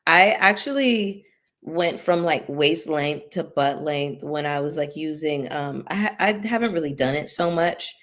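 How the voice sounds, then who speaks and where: A woman's voice: low-pitched, a little slow, a bit bright. A woman hosting a casual livestream, chatting with viewers and thanking them by name, with features. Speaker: YouTube commentary host.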